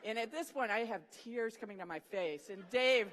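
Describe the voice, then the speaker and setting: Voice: medium pitch, moderate pace, in a large hall. A speaker at a morning session of a Christian student program, telling a funny story in a devotional talk and acting out the quotes. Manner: animated storyteller, acts out the quotes.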